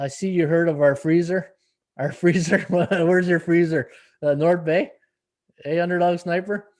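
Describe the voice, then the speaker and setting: A middle-aged man hosts a sports betting live stream, chatting loosely and reading viewer comments between fillers and restarts. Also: on the high side. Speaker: sports betting podcast host.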